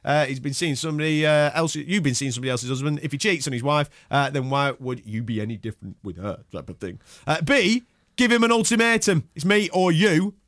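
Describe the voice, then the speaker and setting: A man hosting a radio breakfast show, quick, chatty and jokey on a studio microphone. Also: fairly high pitch, lively intonation, a bit bright, dry recording. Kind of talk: casual radio banter.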